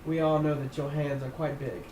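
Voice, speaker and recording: A man voicing a fond, protective male innkeeper for a tabletop game, talking with halting fillers, recorded in an echoey room. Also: on the high side, flat delivery, noisy background, close to an everyday voice. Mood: sly. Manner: hesitant with many fillers, bursts into loud cheer.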